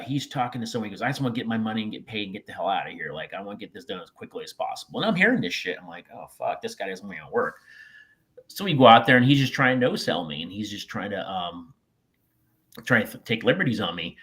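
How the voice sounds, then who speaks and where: A man with a lower voice tells a story from his past on a podcast. He swears freely and acts out both sides of old conversations, in a loose, chatty way. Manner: animated, profane anecdote-telling with acted-out quotes. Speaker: podcast co-host, former wrestler. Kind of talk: casual storytelling chat.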